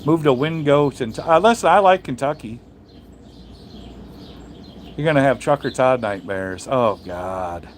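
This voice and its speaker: A man's voice: fairly high pitch, moderate pace, long pauses, a little hiss or hum. A man who drives trucks, chatting casually on a live stream and answering viewers, blunt and profane, rambling with many restarts.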